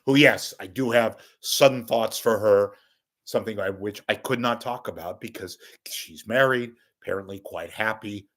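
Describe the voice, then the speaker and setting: A man's voice: fairly low pitch, fairly bright tone. Angry, profane ranting man. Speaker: local media commentator.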